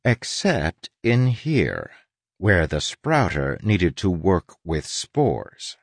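A man reading an audiobook in an expressive, measured narration. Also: sits low, vocal fry, husky, no room sound. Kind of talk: scripted narration.

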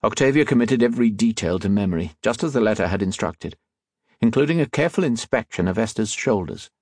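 A man narrates an audiobook at a low-side pitch, measured and expressive as he tells the story. The recording is dry, with clean studio sound.

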